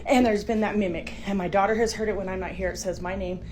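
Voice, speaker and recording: A middle-aged woman filming inside her home on a handheld phone, talking to viewers in a breathless, alarmed, often hushed way. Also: medium pitch, fairly even intonation, quick pace. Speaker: homeowner filming her house. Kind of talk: frightened phone video to viewers. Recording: noisy home phone recording.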